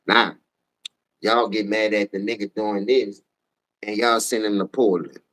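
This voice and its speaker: A tired man with a New Orleans accent ranting profanely on a casual sports livestream, switching between low mumbles and loud outbursts. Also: steady tone, measured pace. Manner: profane, heated, jumps between mumbling and shouting.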